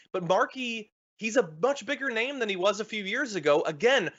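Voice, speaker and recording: A man hosting a political commentary show, animated and quick with asides. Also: high-pitched, muffled recording. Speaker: host.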